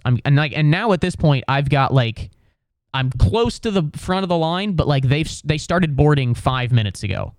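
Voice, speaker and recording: Rambling American comedian telling a story. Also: male voice, mid-range voice, clear, resonant tone, dry recording. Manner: rambling, full of "like" and restarts, with sarcasm. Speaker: comedian and podcast host.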